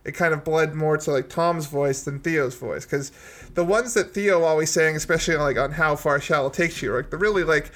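A man's voice: a little high, a little fast, a bit bright. A man co-hosting a casual music podcast, rambling and hedging as he thinks aloud. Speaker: podcast co-host.

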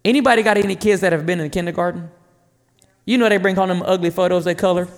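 Man, thirties, very high voice, passionate sermon, rhetorical questions. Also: quick pace, big-room sound. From North Carolina, USA. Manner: passionate, animated preaching with rhetorical questions to the crowd. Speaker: preacher.

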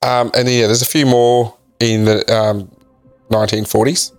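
A man co-hosting a casual podcast, reading facts from a list in a halting way with frequent ums. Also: mid-range voice, level tone, dry recording, faint music behind. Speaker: podcast co-host. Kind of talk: casual chat.

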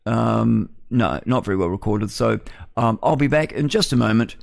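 Chatty New radio host, dry sound. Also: male voice, on the low side, expressive, normal speed, vocal fry, darkish tone, no echo. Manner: wandering, chatty, muttering asides to himself. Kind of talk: rambling live radio chat. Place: radio studio.

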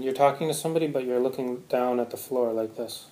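A man's voice: medium pitch, fairly quick, few pauses, mellow, reverberant, a little hiss or hum. A man giving a Buddhist Dharma talk to a live audience, conversational, often checking in with "right?". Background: audience laughter.

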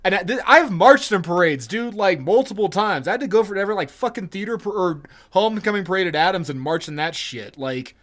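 A man's voice: high voice, lively intonation, a little fast, few pauses, fairly bright tone. A man co-hosting a casual podcast chat, ranting and swearing emphatically. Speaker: podcast co-host.

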